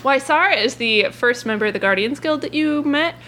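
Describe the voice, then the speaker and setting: A woman's voice: sits high, animated, a little fast, heavy background noise. A woman narrating a tabletop game as game master, chatty and laughing, often restarting her sentences.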